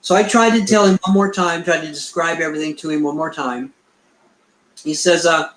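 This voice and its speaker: A man's voice: fairly high pitch, steady tone, normal speed, a bit bright, a little hiss or hum. Middle-aged man telling a rambling story. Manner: rambling, acts out quoted dialogue. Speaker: Bigfoot researcher, guest. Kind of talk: storytelling in an interview. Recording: echoey room.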